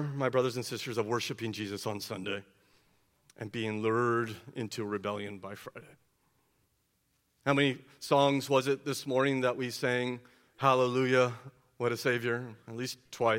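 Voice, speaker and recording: A man preaching a sermon, asking the congregation rhetorical questions and swinging between hushed and loud delivery. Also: mid-range voice. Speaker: pastor.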